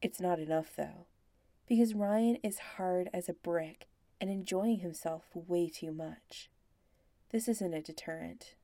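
Female narrator, low gravelly voice, very slow hushed storytelling, dry close sound. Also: no room sound. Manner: slow, hushed and intimate, slipping into whispers.

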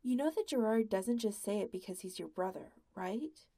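A woman reading a gentle, reassuring young man. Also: mid-range voice, animated, normal speed. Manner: quiet, warm, reassuring.

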